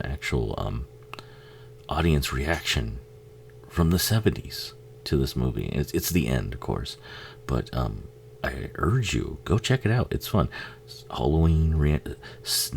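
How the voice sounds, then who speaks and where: A man's voice: a bass voice, very animated, unhurried, creaky, darkish tone, slight background noise. A man giving a casual, rambling watch-along commentary on a film, swearing freely and laughing often.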